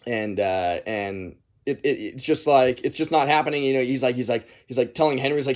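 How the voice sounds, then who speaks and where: A man's voice: mid-range voice, brisk, hardly any pauses. A man giving a casual, rambling movie commentary, often chuckling as he goes. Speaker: movie reviewer.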